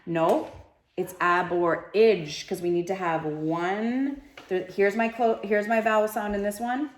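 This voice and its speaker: A woman teacher leading a live classroom phonics lesson, sounding out syllables slowly and encouraging her students. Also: medium pitch, a little mellow. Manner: slow, drawn-out syllable sounding.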